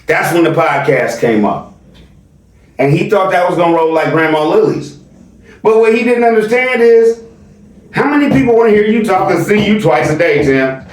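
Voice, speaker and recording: A man's voice: high voice, animated, normal speed, far from the mic. Teasing slangy guy reacting to comments, sits back from the mic, room echo. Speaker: channel host. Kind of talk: casual commentary chat.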